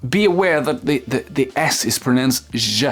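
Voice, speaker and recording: A man teaching English pronunciation to French speakers, whose first language is French, repeating each word slowly and with emphasis. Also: mid-range voice. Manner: slow, exaggerated word-by-word modeling.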